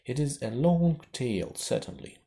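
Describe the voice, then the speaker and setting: A man reading aloud and voicing a curious, polite little girl, with a slow, pleading delivery. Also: mid-range voice, warm tone, breathy edge, voice pushed up. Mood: puzzled.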